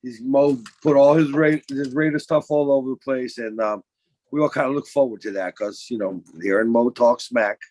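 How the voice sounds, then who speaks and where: Soft-spoken man reminiscing. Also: mid-range voice, steady tone, moderate pace, dry recording. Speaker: podcast co-host. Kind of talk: reminiscing tribute.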